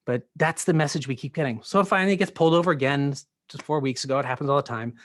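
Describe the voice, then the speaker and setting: Male pastor, mid pitch, earnest sermon storytelling, dry close sound. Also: fast, a bit bright, no room sound. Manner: earnest storytelling, acts out quoted voices, many fillers.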